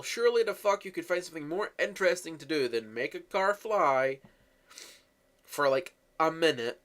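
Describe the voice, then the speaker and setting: A man's voice: high-pitched, fairly bright tone. A man giving a profane, mocking comedic movie rant as a reviewer.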